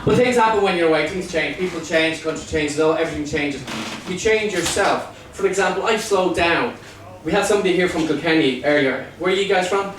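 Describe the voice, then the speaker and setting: A Dublin Irish comedian in his forties works the room with a teasing, chatty delivery. His voice sits fairly high, captured from a distance in a very echoey club. The crowd can be heard around him. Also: fairly quick, fairly bright tone. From Ireland. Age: 40s. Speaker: stand-up comedian. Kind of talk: stand-up comedy with crowd work. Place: comedy club with a live audience. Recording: echoey room, far from the mic, crowd noise.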